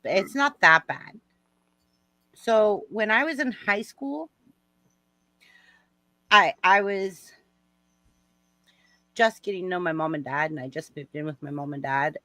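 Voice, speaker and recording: A woman's voice: deep voice, measured pace, long pauses, dry recording. A woman telling a personal story on a casual livestream, acting out the voices and shrieking and laughing at the big moments. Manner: animated, acts out voices, shrieks and laughs while telling stories.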